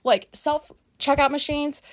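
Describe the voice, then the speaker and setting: A woman's voice: high voice, fairly even intonation, slow pace. A woman venting in a casual, profane rant, agitated and exasperated, full of "like" fillers. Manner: profane, exasperated ranting with frequent "like". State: agitated, pissed off. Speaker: vlogger.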